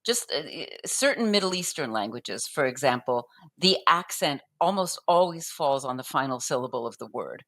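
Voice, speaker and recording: A woman with a low voice talks through poetic form in a loose, conversational way. She pauses, restarts her sentences and fills gaps as she thinks. She sometimes taps out the beat aloud. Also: animated, fairly bright tone. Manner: thoughtful, with frequent restarts and fillers; taps out rhythms aloud as da-dum. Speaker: poetry guest explaining poetic form. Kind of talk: conversational explanation.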